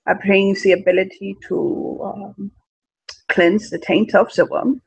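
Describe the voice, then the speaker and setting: A man playing a tabletop role-playing game, speaking in character with an earnest, halting delivery. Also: flat delivery, creaky, husky, dry recording, poor audio. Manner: earnest, halting pitch with fillers. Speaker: player.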